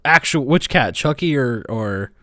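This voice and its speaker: A man with a mid-pitched voice that rises and falls a lot, chatting loosely on a podcast, rambling and swearing casually. The sound is dry and close. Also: animated, unhurried, sharp tone, no echo. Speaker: podcast co-host. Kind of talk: casual chat.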